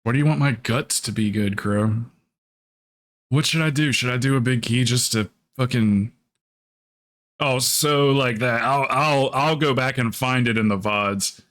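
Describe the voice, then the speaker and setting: A man livestreams himself gaming, speaking a little slowly in a mid-range voice. He rambles, swears, and laughs often while animatedly imitating what other people said.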